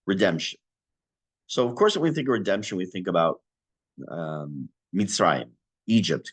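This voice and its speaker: Male rabbi, deep voice, very animated intonation, online prayer class, Hebrew phrases explained in English. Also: breathy edge. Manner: lively teacher's delivery, rising on key words.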